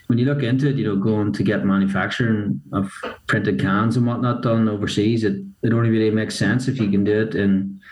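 A man with a fairly low voice talks loosely through an interview answer. He wanders, restarts his sentences and leans on fillers as he goes. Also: low-quality recording. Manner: rambling, many fillers and restarts. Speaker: whiskey brand co-founder. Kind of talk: casual interview talk.

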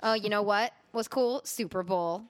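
A woman's voice: medium pitch, normal speed. Chatty woman podcast host. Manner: chatty, rambling with fillers and laughs. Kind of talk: casual chat.

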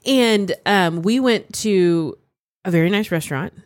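A woman's voice: mid-range voice, measured pace, dry recording, studio quality. A woman co-hosting a faith podcast in casual chat, playful and teasing as she tells stories. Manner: playful, teasing, animated storytelling. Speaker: podcast co-host.

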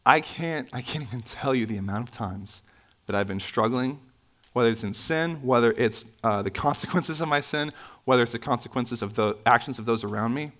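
Guy giving a church sermon into a mic, chatty asides, voice jumps way up on the big points, mid pitch. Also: brisk. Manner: conversational, with asides and self-corrections; animated, pitch swinging up for emphasis. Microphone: microphone, sometimes bumped.

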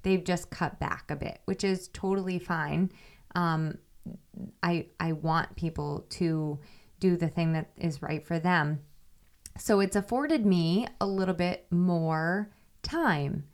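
A woman's voice: fairly low pitch, takes it slowly. A woman hosting a solo podcast, talking in a candid, reflective way and thinking aloud with small restarts. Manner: candid, reflective, talks things through with restarts. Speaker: podcast host.

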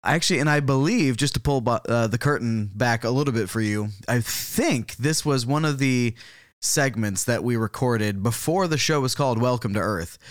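Man, podcast co-host, casual intro, smooth clear voice, dry close sound. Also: medium pitch, moderate pace, dry recording. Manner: rambling and chuckling, thinks aloud.

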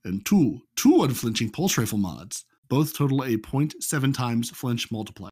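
A man's voice: medium pitch, sing-song, normal speed, darkish tone, husky, no echo. Dry-sounding plain American guy explaining. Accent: General American. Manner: matter-of-fact explainer. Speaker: podcast co-host reading game patch notes. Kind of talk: casual podcast chat.

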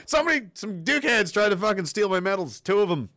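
A man hosting a livestream, ranting casually with lots of swearing and sudden loud outbursts. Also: high-pitched, fast, few pauses, loud music behind the voice. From partly Nova Scotia, Canada. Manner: rambling, profane, animated, bursts into shouts. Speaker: livestream host. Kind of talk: casual profane livestream rant.

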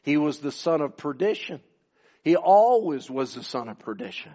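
A man, from Canada, preaching a sermon, building emphasis and dropping into quieter asides. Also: on the high side, big pitch swings, moderate pace, dull audio. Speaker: pastor.

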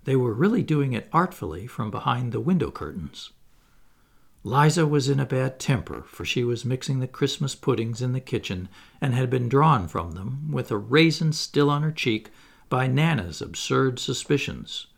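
A man narrating a children's classic aloud in an expressive storybook reading. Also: mid-range voice, normal speed, creaky. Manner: expressive, animated. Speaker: audiobook narrator.

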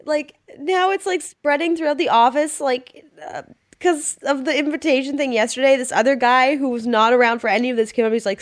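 A young woman co-hosting a podcast, telling a story in an animated way, laughing and acting out the people in it. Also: high voice, normal speed. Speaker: podcast co-host. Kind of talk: casual chat.

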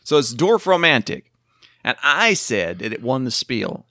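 Man, podcast co-host, lively bright tone, excitable and rambling. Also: medium pitch, a little slow, gravelly, no room sound, studio quality. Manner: excitable, rambling history explainer. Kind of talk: casual chat.

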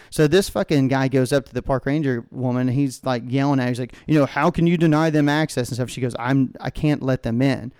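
A man's voice: mid-range voice, gravelly, darkish tone, clean tone, dry recording. Guy on a podcast going off on a sweary rant, clean voice, dead dry sound. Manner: profane, ranting storyteller. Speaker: podcast co-host. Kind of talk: casual chat.

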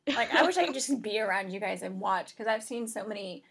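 A woman's voice: medium pitch, animated, brisk, gravelly, a bit bright, slightly rough. A woman in casual chat, talkative and prone to laughing and rambling tangents.

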